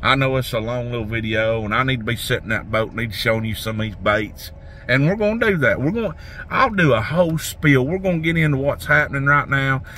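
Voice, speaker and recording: A man's voice: medium pitch, fast, sharp tone, a little hiss or hum. A man, rambling folksy talk about fishing as a vlogger, outdoors by a lake. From Tennessee. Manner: folksy, rambling, restarts a lot. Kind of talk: casual rambling talk to camera.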